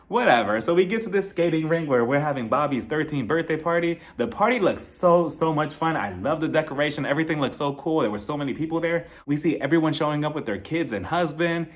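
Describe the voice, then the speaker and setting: A man's voice: fairly high pitch, animated, fast talker, hardly any pauses. A man recapping a reality TV episode in a sassy, gossipy chat, laughing often between remarks. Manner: sassy and gossipy, mimics the cast in quoted lines. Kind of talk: casual recap commentary.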